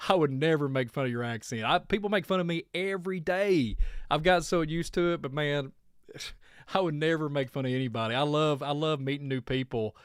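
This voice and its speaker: A man's voice: on the high side, fairly quick, clean tone, dry recording, studio quality. A man from Kentucky with a country accent, hosting a casual monologue, rambling and laughing often. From Kentucky, USA. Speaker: host. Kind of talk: casual radio-style monologue.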